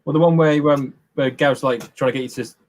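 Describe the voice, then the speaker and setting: A man's voice: mid-range voice, fairly even intonation, fast, a little mellow. A man joining a live modelling stream, chatting in loose, trailing phrases and teasing the host. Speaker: stream participant. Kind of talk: casual chat.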